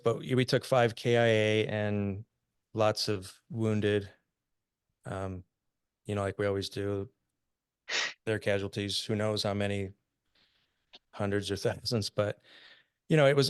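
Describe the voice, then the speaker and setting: A lower-voiced American man in his fifties tells old stories in an easy, chatty way, chuckling as he goes. His voice comes through smooth and resonant. The sound is dry and close. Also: fairly even intonation, a little slow, pauses often, no echo. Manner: laughs often while telling war stories. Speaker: podcast guest, army veteran. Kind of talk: casual storytelling.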